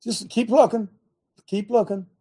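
A man hosts a Christian talk show in a fiery, preaching style. His voice is mellow and husky, and he leans on loud bursts of emphasis to provoke his listeners. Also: sits high, fairly even intonation, a little slow.

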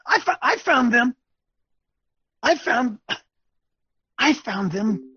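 A man hosting a webcast, delivering a preachy, ranting commentary, repeating himself emphatically and swinging between loud bursts and low muttering. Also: expressive, takes it slowly, long pauses, breathy edge, no room sound. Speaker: webcast host. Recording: dull lo-fi dry recording.

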